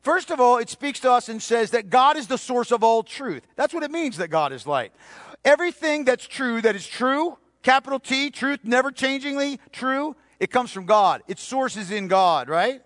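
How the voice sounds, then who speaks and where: A man delivers a sermon in a high, ringing voice, pressing his points through repetition. He often sinks to a hushed, intimate tone for emphasis. The sound is close and dry, with no room around it. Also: lively intonation, moderate pace, no room sound. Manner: emphatic, repeats key phrases, drops to near-whisper for stress. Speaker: pastor.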